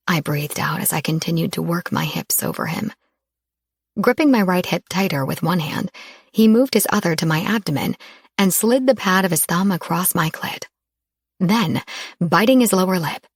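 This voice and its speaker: A woman narrating a first-person romance audiobook in a soft, intimate storytelling manner. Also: fairly low pitch, husky, no echo, studio quality.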